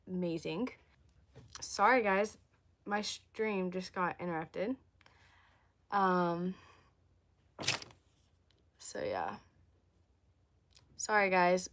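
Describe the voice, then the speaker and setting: A young woman from the States, chatting casually with viewers on a livestream, her voice hoarse from losing it. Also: medium pitch. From southern United States. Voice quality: chatty, addresses viewers as y'all. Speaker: livestream host.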